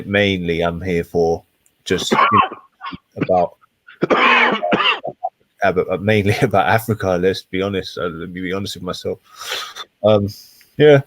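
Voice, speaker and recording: A man speaking low and in a monotone, hesitant with many fillers. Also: dry recording. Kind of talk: casual chat.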